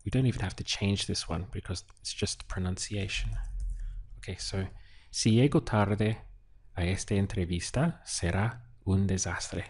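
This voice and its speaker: A man teaching Spanish, calmly working through a translation step by step and thinking aloud with small pauses. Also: low-pitched, husky. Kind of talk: unhurried lesson walkthrough while writing.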